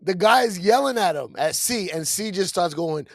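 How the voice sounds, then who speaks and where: New guy on a podcast, kinda high voice, tells stories and acts out the quotes, dry close mic. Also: normal speed, vocal fry, no room sound. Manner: animated storyteller who acts out quotes, laughs often. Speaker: podcast co-host. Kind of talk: casual storytelling chat. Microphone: studio podcast mic.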